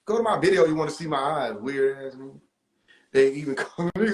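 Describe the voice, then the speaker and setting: A young adult man talking on a phone livestream in an animated, profane way, laughing often. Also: on the high side, a little fast, roomy sound, rough recording. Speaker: livestream host. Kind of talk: casual livestream rant.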